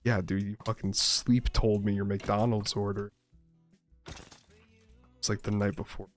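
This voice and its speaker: A man's voice: lowish voice, level tone, measured pace, soft background music. A man chatting casually while playing a game, telling rambling stories full of swearing. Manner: rambling, profane, laid-back storyteller. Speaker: streamer playing a survival game. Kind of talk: casual gameplay chat and storytelling.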